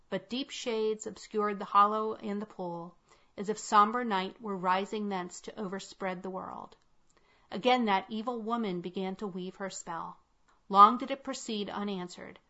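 A woman reading a classic story aloud in a measured, solemn storytelling manner. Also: mid-range voice, a bit bright. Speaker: narrator. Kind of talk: scripted narration of a classic story. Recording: slightly muffled lo-fi.

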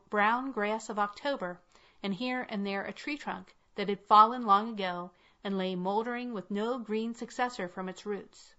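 A woman narrating a classic tale in a measured, unhurried reading. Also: medium pitch, fairly bright tone. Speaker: audiobook reader. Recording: dull lo-fi recording.

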